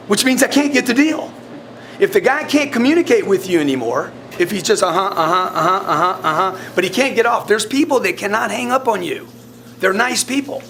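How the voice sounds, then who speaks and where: A man coaching his sales team in a blunt, forceful way, often repeating words. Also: sits high, slight background noise. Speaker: sales trainer.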